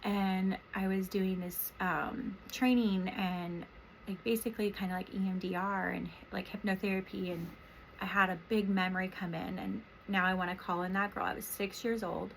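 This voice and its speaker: A woman in her thirties, a therapist and podcast host from Washington State, speaking softly and emotionally in a rambling, reflective personal monologue. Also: medium pitch, steady tone, normal speed, a little hiss or hum, low-quality recording. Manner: soft, emotional, rambling with many fillers.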